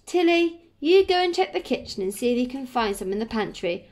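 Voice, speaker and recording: Storybook read-aloud: a woman doing a firm, warm-hearted English grandma over 60, a touch high. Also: big pitch swings, a little fast. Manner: firm yet gentle. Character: firm, loving older grandmother.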